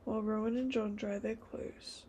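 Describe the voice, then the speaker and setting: A woman's voice: mid-range voice, fairly even intonation, moderate pace, mellow, slight background noise, close to an everyday voice. A woman voicing a worried male villager from a storybook, urgent and pleading. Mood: dry.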